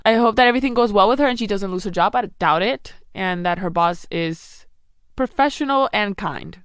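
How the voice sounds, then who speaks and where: A woman's voice: medium pitch, fairly quick, smooth. A young woman hosting a podcast, giving advice in casual chat and rambling with lots of "like" and "you know". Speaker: podcast host.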